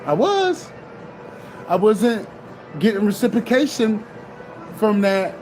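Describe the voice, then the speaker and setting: High-voiced man giving a profane pep talk. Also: big pitch swings, slow pace, darkish tone. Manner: loose, profane, repeats himself. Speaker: spiritual vlogger. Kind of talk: casual spiritual pep talk.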